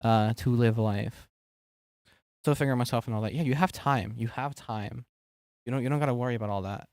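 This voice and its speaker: A man's voice: medium pitch, fairly quick, a little mellow, clear, resonant tone, no echo, studio quality. A man streaming live, chatting casually with his viewers, rambling with fillers and giggling often.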